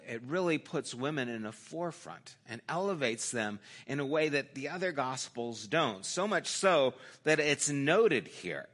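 Bright, unhurried male preacher. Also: fairly high pitch. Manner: storytelling, acts out quoted lines in a dropped, softer voice; conversational, with small restarts. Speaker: pastor. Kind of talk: sermon.

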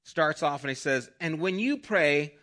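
A man preaching a sermon, his voice sitting a little high and sounding bright and forward. He retells a story, dropping softer whenever he voices the thoughts of the person in it. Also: lively intonation, measured pace. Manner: retells a story, voicing quoted thoughts softly. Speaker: pastor.

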